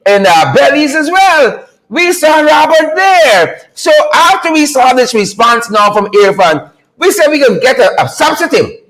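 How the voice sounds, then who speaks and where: A man hosting a political commentary livestream, sarcastic and animated, often laughing and repeating phrases for emphasis. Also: very high-pitched, measured pace, poor audio. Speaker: host.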